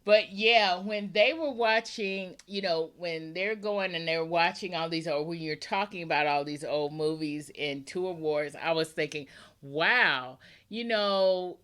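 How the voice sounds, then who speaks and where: A woman's voice: on the low side, fairly bright tone. A woman hosting a book podcast in a chatty, rambling way, laughing often as she talks. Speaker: podcast host. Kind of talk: casual interview chat.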